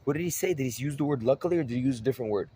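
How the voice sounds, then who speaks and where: A man's voice: mid-range voice, very fast, dark tone, slightly rough. A man telling a rambling personal story outdoors at night, repeating himself and searching for words.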